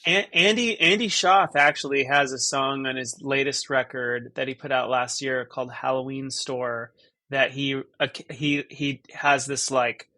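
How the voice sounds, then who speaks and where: Guy in his 30s chatting on a podcast, stop-start and self-deprecating, bright tone. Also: medium pitch, steady tone, measured pace, dry recording. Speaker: podcast guest, musician. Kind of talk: casual conversation.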